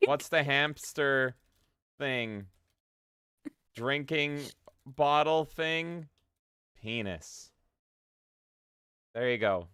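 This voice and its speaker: A man's voice: mid-range voice, very slow, long pauses, fairly bright tone, clean tone, dry recording, clean studio sound. A man co-hosting a casual gaming podcast, joking crudely and reading chat messages aloud. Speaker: podcast co-host.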